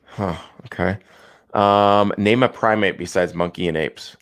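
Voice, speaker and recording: Low-voiced male host for a relaxed video call chat, jokey and easygoing. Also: a little slow, clear, resonant tone. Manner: easygoing, joking, many ums. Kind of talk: casual live video chat.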